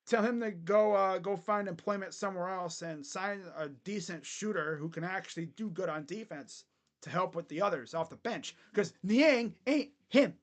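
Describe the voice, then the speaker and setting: A young man hosting a casual live basketball reaction, joking bluntly and crudely with sudden loud bursts. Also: high-pitched, normal speed. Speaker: sports channel host. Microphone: webcam setup.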